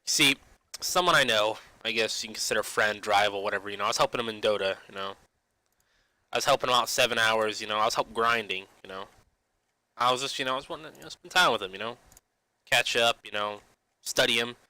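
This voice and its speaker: A young man rattles on at a fast clip in a very bright, sharp-edged voice, stuffing "you know" into almost every phrase. His loose, rambling rant is full of restarts and casual swearing. The sound is dry and close, with no room around it. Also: fairly low pitch, no echo, low-quality recording. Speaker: gaming vlogger.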